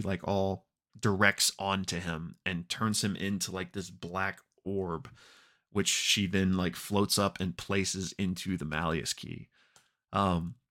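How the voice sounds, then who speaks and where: Young male podcast co-host, very low voice, loose chatty recap with plenty of fillers. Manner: relaxed storytelling with many fillers. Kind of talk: casual recap and discussion.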